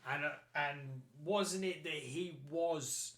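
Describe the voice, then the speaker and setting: Podcast host, excitable guy, bright crisp voice, swears a lot, a bit high. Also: slow. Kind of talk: casual chat.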